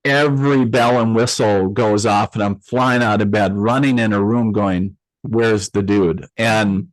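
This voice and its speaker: A man being interviewed, telling a personal story in a loose, animated way with many fillers and restarts, acting out the voices he quotes. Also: fairly low pitch, a little slow, dry recording, rough recording. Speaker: interview guest, medium.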